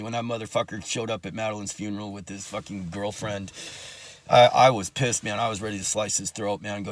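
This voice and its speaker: A man's voice: lowish voice, fairly even intonation, a little fast. Blunt, profane man telling his story. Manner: profane, blunt, angry asides. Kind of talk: casual personal storytelling.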